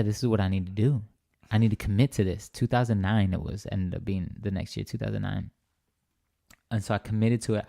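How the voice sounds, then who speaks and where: A young man, appearing as an interview guest, shares a personal faith story as conversational testimony, earnest and rambling with many restarts and frequent "right?" check-ins. His lowish voice is creaky and warm, recorded at studio quality with no room sound.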